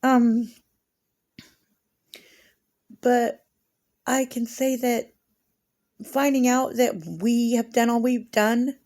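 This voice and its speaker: A woman's voice: a little high, level tone, very slow, pauses often, a little mellow. A woman in her forties rambling emotionally through a casual vlog monologue. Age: 40s.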